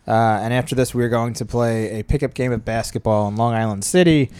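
A man's voice: mid-range voice, fairly even intonation, fairly quick, a little mellow, clean tone. A man co-hosting a casual podcast, rambling and self-deprecating and laughing often. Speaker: podcast co-host. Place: home studio in New York. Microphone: portable recorder.

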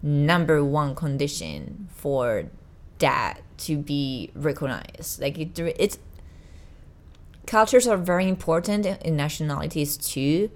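A woman's voice: deep voice, lively intonation, takes it slowly. A young woman from Italy, English not her first language, chatting casually and often stopping to search for words. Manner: searching for words, many restarts. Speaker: podcast guest. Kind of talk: casual chat.

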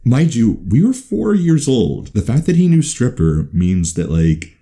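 A man co-hosting a casual comedy podcast, playful and teasing with quick quips. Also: mid-range voice, wildly swooping pitch, warm tone. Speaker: podcast co-host.

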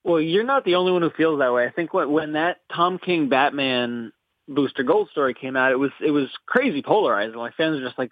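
Brief: male call-in guest, relaxed and amused, thin phone-line sound. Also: medium pitch, brisk, dry recording. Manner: relaxed, amused, laughs easily. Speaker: editor-in-chief, phone guest. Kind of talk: casual comic book chat.

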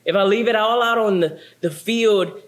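A man's voice: high voice, moderate pace. A young adult man preaching a sermon, telling a story with laughs and sound effects. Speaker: pastor.

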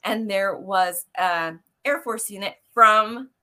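A woman's voice: mid-range voice, takes it slowly, bright, forceful tone. A woman hosting a live online interview over a video call, giddy and effusive, laughing often. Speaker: host.

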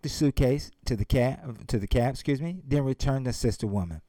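A man's voice: mid-range voice, fairly quick, few pauses, dark tone, no echo. A man giving a motivational speech and retelling a story, emphatic and speaking straight to his audience. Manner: emphatic, addresses the audience directly.

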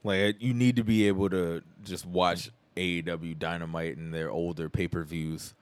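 A man's voice: sits low, fairly even intonation, normal speed, smooth, no echo. A man co-hosting a casual podcast, joking, swearing and laughing as he riffs with a friend. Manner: laughing, profane, jokey impressions. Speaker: podcast co-host.

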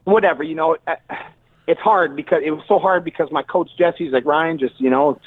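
A man telling a story as a boxer guest in a casual interview, animated and swearing freely. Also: a little high, brisk, breathy edge. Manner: animated, swears, acts out quotes. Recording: tinny phone-like line, dry.

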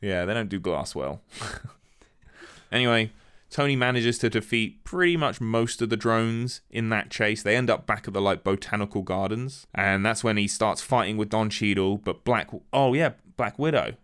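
A man casually recapping a film, acting out the characters' lines with animated energy. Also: fairly low pitch, moderate pace, smooth. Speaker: podcast co-host recapping a film. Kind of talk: casual chat.

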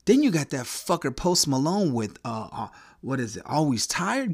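Male podcast host, foul-mouthed ranter, lively swings in pitch, dry close sound. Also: normal speed, husky, dry recording. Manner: angry, crude, heckling rant. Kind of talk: profane ranting monologue.

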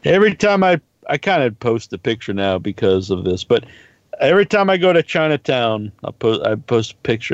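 A man chats casually on a podcast, rambling through stories and swearing freely. His pitch sits in an ordinary middle range. The recording is dry and a little dull. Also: big pitch swings, a little fast, no echo. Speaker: podcast co-host. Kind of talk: casual chat.

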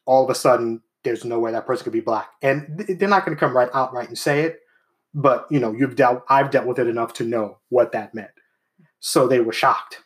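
In a casual chat, a man with a mid-range voice and fairly quick pace tells stories from his own life, acting out the voices of the people he quotes.

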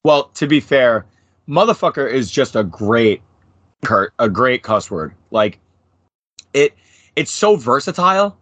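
Medium-pitched and measured, with long pauses and no echo, this American-accented podcast guest from New Jersey is in his thirties. His casual chat is profane and rambling, peppered with lively impressions.

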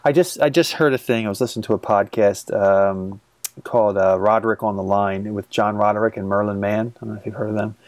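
A man's voice: fairly low pitch, fairly even intonation, brisk, no room sound. A man co-hosting a podcast in casual chat, thinking aloud hesitantly, with many restarts and trailing off. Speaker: podcast co-host.

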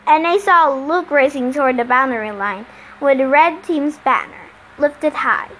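A woman's voice: high-pitched, measured pace, fairly bright tone, slight background noise, rough recording. A woman reading a novel aloud in the first person, with small restarts. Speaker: reader.

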